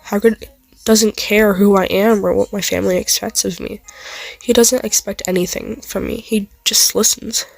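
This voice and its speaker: A guarded young man with a sharp, sardonic tongue, as a woman reads him aloud. His lines come quiet and clipped, with a gravelly edge. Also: mid-range voice, steady tone, moderate pace, no room sound. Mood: weary. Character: young male rival, guarded and defensive.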